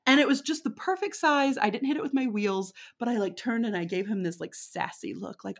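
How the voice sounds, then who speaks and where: A woman's voice: on the high side, lively intonation, normal speed, hardly any pauses. A woman from Texas with a Texan accent, a podcast guest telling stories in a casual, chatty way, laughing often and filling her talk with fillers. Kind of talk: casual storytelling.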